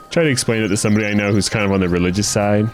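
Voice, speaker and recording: Low-pitched American guy, rambling let's-play co-host, faint game music underneath. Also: animated, very fast. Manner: chatty, rambling with restarts and asides. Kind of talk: casual chat while playing.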